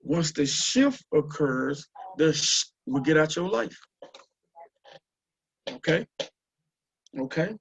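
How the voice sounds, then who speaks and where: A man from Houston, telling a story and urging listeners on a group call, with animated, repetitive exhortation. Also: on the high side, slow pace, vocal fry, long pauses, a little hiss or hum. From Houston, Texas. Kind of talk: motivational storytelling. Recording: muffled lo-fi call audio.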